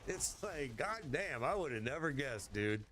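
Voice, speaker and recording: A man telling a rambling, animated story in casual chat while gaming, swearing casually along the way. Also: medium pitch, unhurried, noisy background.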